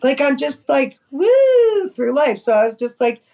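A middle-aged woman from New York City, a cannabis farmer telling stories in a chatty, animated way as a podcast guest. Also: sits high, normal speed, vocal fry, low-quality recording. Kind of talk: casual storytelling.

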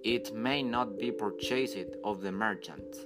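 A man's voice: fairly low pitch, slow pace. A man voicing a tender, wistful small songbird in a storybook reading, earnest and lyrical, with guitar under him. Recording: music playing underneath.

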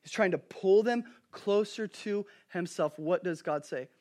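A man in his thirties preaching a sermon as a pastor, telling family stories with animated swings from hushed to loud. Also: high-pitched, a little slow.

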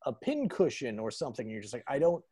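A man's voice: mid-range voice, wildly swooping pitch, quick pace, dark tone, husky, no echo. A man co-hosting a podcast in casual chat, rambling with many "like"s and frequent laughter. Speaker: podcast co-host.

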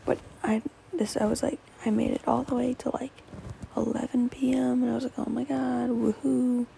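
A woman's voice: on the high side, little pitch movement, a little fast, creaky, dark tone, slight background noise, low-quality recording. A teenage girl hosting a solo podcast, rambling with lots of fillers and often dropping to a whisper, a little tearful. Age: teens. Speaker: podcast host.

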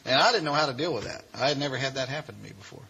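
A man, telling his life story to a live audience in a folksy, animated way and acting out the voices. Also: medium pitch, very fast, vocal fry, slight background noise.

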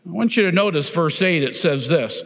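A pastor preaching a sermon in a church, deliberate and emphatic, often pointing listeners to the text with "notice". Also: male voice, a little high, expressive, gravelly, a bit bright. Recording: long reverb of a large hall.

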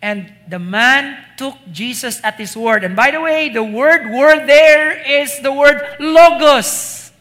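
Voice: sits high, slow pace, hardly any pauses, a bit bright. A preacher with a Filipino accent gives a conversational sermon, often asking "you know?" and "see?" and slipping into Cebuano asides.

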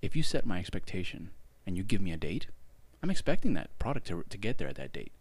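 Fast-talking, animated man ranting. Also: low voice, vocal fry. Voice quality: animated, exaggerated, profane. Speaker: podcast co-host. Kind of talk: casual chat, ranting complaint.

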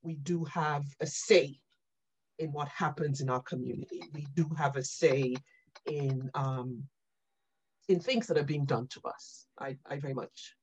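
A woman being interviewed on a podcast, telling animated stories about her career and often checking in with "right?" and "you know". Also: sits low, unhurried, breathy edge, low-quality recording. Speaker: guest.

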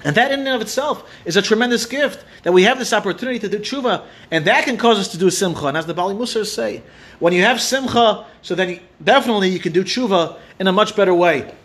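A man with a fairly high voice delivers an earnest sermon. He tells a story along the way and mixes in Hebrew and Yiddish terms. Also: fast, a bit bright. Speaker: rabbi giving a Torah talk.

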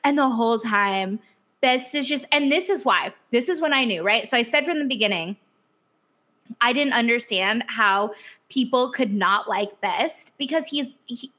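A woman's voice: fairly high pitch, moderate pace. A woman co-hosting a casual chat show, recapping a TV series with lots of laughs and fillers. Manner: animated, chatty, laughs often, many fillers. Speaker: podcast co-host.

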